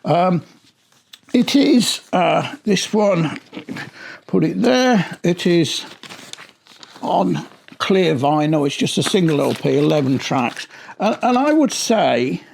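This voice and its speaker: A middle-aged man talks through an album in a casual, rambling review, often doubling back on his words. His voice sits a little high and has a gravelly, creaky edge. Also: lively intonation, slow, long pauses. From Britain. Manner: chatty and rambling, often restarting his sentences.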